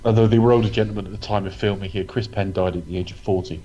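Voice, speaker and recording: A man's voice: on the low side, fairly even intonation, rapid-fire, warm tone. A man co-hosting a casual film podcast, dry and teasing, swearing freely. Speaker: podcast co-host. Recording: dull lo-fi with faint noise.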